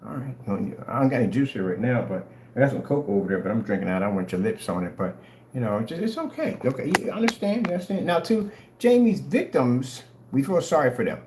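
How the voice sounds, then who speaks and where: In a mid-range, sing-song voice that's fast and a little mellow, a livestream host pushing projector screen paint mocks his chat and challenges viewers to answer back. There's a roomy echo and a faint hum in the background.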